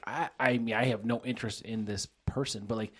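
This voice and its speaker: A man's voice: mid-range voice, fairly even intonation, a little fast, a bit bright, slightly rough. A man co-hosting a casual beer podcast, teasing his friend and cracking jokes. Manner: teasing, joking banter. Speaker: podcast co-host. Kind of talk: casual chat over beers.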